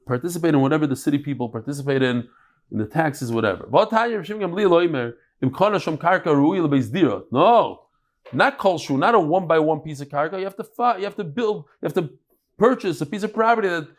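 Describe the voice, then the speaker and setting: A man leads a Talmud class, talking in a lively, chatty way and sprinkling in Hebrew and Yiddish terms. His voice sits a bit high for a man. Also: fairly quick. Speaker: Talmud teacher.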